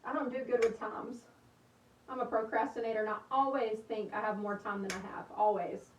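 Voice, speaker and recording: Chatty woman crafting on a livestream. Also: on the high side. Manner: chatty, bubbly, rambling, laughs often. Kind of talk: casual livestream chat while crafting. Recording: roomy, slightly distant with faint hiss.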